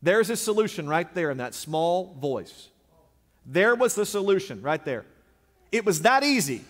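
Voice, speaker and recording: Pastor, man, high voice, dramatic preacher who drops to a hush, live in a reverberant sanctuary. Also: very animated, a little slow. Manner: dramatic, swinging from loud declarations to hushed low lines. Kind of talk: sermon. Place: large church sanctuary. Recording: long reverb of a large sanctuary.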